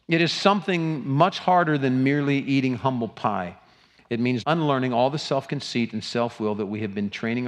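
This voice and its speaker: A middle-aged male pastor preaching to his congregation at a medium pitch. He speaks earnestly, rising into emphatic appeals and questions to the room. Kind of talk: sermon.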